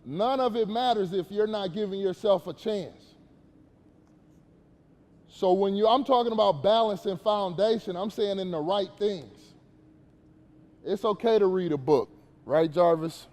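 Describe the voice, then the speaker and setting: A man's voice: high-pitched, measured pace, pauses often, a little mellow, big-room sound. A man giving a casual, slangy motivational talk to young players at a basketball camp, questioning the kids as he goes.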